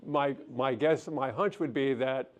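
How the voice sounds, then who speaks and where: A middle-aged man, a counselor, giving a relaxed lecture and answering audience questions in a gentle, self-deprecating way. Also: mid-range voice, unhurried. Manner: gentle, self-deprecating, thinks aloud with restarts. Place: lecture hall.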